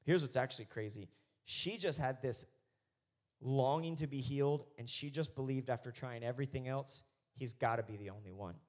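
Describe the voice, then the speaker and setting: A male pastor preaching a conversational sermon that builds into loud, fervent passages. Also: medium pitch, normal speed.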